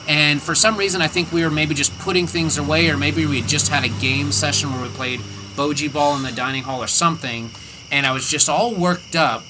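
A young man telling a story in a lively, chatty way and laughing as he goes. His voice sits a little high, and the recording carries steady background noise. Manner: animated, laughs often while telling a story. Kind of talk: casual storytelling chat. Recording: noisy room recording.

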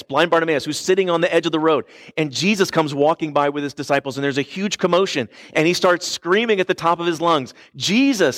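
A male pastor delivering a sermon, his voice sitting a touch higher than most men's. He preaches with earnest emphasis, lifting and dropping his delivery, and now and then asks the congregation to answer back. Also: a bit bright.

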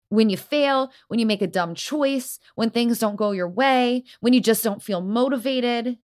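A young woman hosting a solo podcast, talking straight to her listeners in an upbeat, encouraging way. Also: on the high side. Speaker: podcast host. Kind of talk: solo motivational podcast talk.

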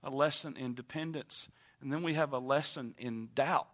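A man preaching a sermon in a church, moving from quiet teaching to loud, impassioned appeals. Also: moderate pace. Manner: builds from low calm to loud impassioned preaching. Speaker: pastor. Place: church sanctuary.

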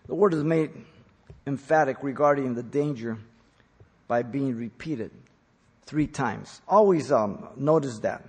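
A male preacher teaches from scripture at a measured pace, his middle-pitched voice slightly husky. He alternates loud, emphatic stresses with quiet, low asides, and a long hall reverb suggests a large church.

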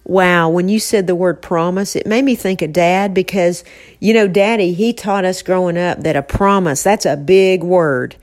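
A woman's voice: lowish voice, moderate pace, darkish tone. A woman co-hosting a podcast from an office, chatting with her mother in an affectionate, emotional way and teasing her now and then. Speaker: podcast co-host. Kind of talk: casual heartfelt chat.

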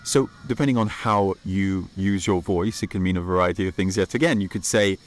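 A man with a very deep voice hosts a podcast lesson. He talks in a relaxed, playful way and slows down to model phrases for listeners to repeat. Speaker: podcast host and French teacher.

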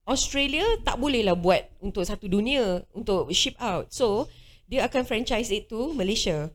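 A woman's voice: mid-range voice, animated, normal speed. A woman co-hosting a podcast, chatting and teasing casually while mixing Malay and English. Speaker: podcast co-host. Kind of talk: casual chat.

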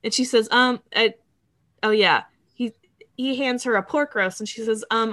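A woman's voice: on the high side, fairly bright tone, dry recording. A woman in casual chat who reads out funny quotes from a TV show and laughs often. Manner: laughs often, reads lines in quick bursts.

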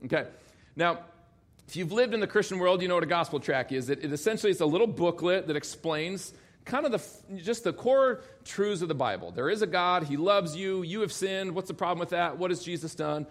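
A man's voice: high voice, expressive, fairly quick. A male pastor preaching a sermon, telling a story with quoted dialogue and bursts of laughter.

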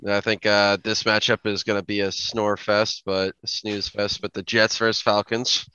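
Smooth bright hesitant man. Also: fairly low pitch, level tone, normal speed, no room sound, lo-fi sound. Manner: hesitant, restarts sentences. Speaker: podcast co-host. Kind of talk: casual chat.

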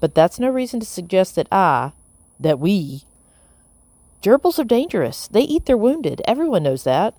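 A woman's voice: medium pitch, very animated, moderate pace, dark tone, dry recording, voice pushed up. A woman voicing an anxious, gloomy young woman in an audiobook, fretful in manner.

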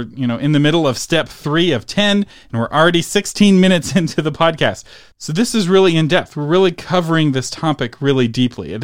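A man's voice: medium pitch, dry recording, clean studio sound. A man hosting a solo instructional podcast, talking casually and chatting with small laughs between points. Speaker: podcast host.

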